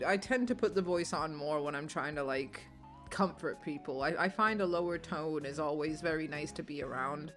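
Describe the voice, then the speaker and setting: A tired young woman streamer with a low, croaky voice that cracks, rambling and swearing casually between laughs. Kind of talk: casual gameplay commentary.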